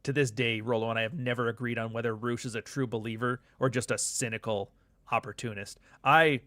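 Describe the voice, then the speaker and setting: A man's voice: medium pitch, fairly even intonation, brisk, fairly bright tone, dry recording, studio quality. Joking, profane man hosting a live chat show. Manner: loose, profane, joking banter with frequent asides. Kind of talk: casual livestream chat, reading viewer comments.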